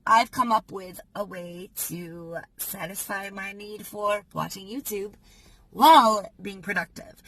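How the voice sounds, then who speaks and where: A young woman chatting casually in a self-help vlog, telling stories in an animated way with lots of fillers. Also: mid-range voice, low-quality recording. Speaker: vlogger.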